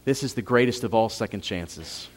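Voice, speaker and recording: A man preaching a sermon as pastor, rising to emphatic peaks and dropping to soft appeals, repeating phrases and asking the congregation questions. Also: on the low side, normal speed.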